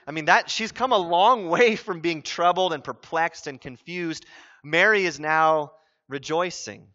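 A man preaching a sermon as pastor, earnest and conversational, with animated asides. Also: a little high, moderate pace. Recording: dull lo-fi sound.

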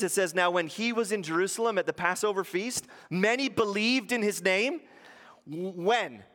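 Male pastor, high voice, preaching with rhetorical questions in a church hall with long reverb. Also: fairly bright tone. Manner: rhetorical questions, acts out quotes in shifting voices. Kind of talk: sermon.

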